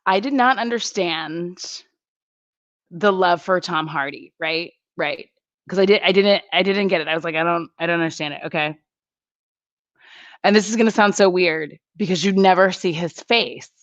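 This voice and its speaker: Casual lady streamer laughing through her rambles, lowish voice, kinda muffled dry recording. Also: moderate pace, a bit bright, dry recording. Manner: giggly, rambling, lots of fillers. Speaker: YouTuber chatting with live chat. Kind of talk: casual live-stream chat.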